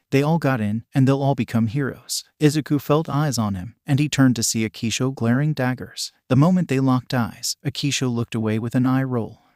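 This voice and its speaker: A man giving a steady scripted narration of a fan fiction story. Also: medium pitch, dry recording, studio quality.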